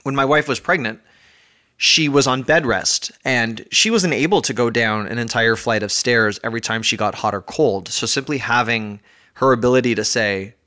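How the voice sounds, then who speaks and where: A man hosting his own podcast from home, talking in a chatty, energetic, self-mocking way while a little out of breath. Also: medium pitch, normal speed. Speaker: podcast host. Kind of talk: casual podcast monologue.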